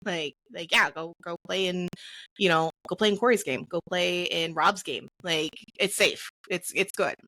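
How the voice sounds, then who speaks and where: A woman's voice: lowish voice, normal speed, pushed and bright, no room sound. A woman co-hosting a casual live-streamed podcast, chatty and enthusiastic, with lots of "like" fillers; English is not her first language. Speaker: podcast co-host.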